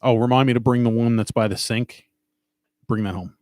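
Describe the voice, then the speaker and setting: A man's voice: mid-range voice, steady tone, brisk, a little mellow, dry recording, clean studio sound. A middle-aged man with a New York accent, hosting a podcast in casual banter and teasing with a lot of swearing. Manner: profane, teasing, wisecracking. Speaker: podcast host.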